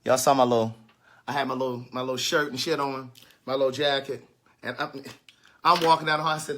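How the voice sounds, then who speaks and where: A man tells a story in a bright, forceful voice that sits a little high for a man. He flips between pleading student voices and his own low, stern replies. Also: animated, moderate pace. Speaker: storyteller recounting a teaching day. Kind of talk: animated comic storytelling.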